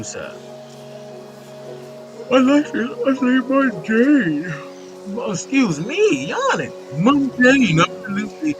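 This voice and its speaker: A man's voice: high voice, pitched above the performer's own voice, exaggerated voice, rough recording. A man voicing a fussy middle-aged male newspaper seller who talks in a theatrical, wordy way while reading game dialogue aloud.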